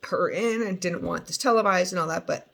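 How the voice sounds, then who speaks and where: A woman's voice: fairly low pitch, brisk, vocal fry, a bit bright. A woman chatting casually as she recaps a trial, rambling with many fillers and restarts. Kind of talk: casual chat.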